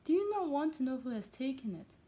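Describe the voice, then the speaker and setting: A woman who is not a native English speaker voicing an excitable, pushy middle-aged mother who gossips. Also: normal speed, natural voice. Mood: eager. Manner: eager, insistent, pitched up.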